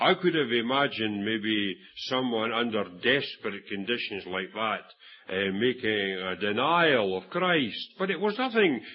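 Scottish preacher with a husky voice. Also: male voice, mid-range voice, lo-fi sound. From Scotland. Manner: storytelling, acts out quoted voices, frequent restarts. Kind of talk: sermon.

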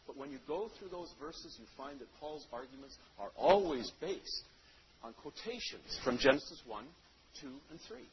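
A male preacher delivers a sermon, pushing hard on key words and then letting his sentences fall away softly. The sound is a little muffled, like an older low-fidelity recording. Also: expressive, moderate pace. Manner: emphatic, swings between loud stresses and quiet trailing phrases. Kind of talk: sermon with scripture reading. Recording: dull lo-fi sound.

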